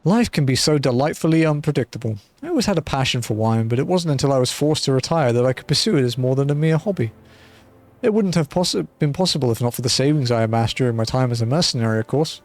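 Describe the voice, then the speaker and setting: A man's voice: medium pitch, lively intonation, fast talker, a little mellow, lightly acted. A man voicing a blind retired male mercenary turned wine merchant who speaks in a courteous, old-fashioned formal way, reading game dialogue aloud. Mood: genteel.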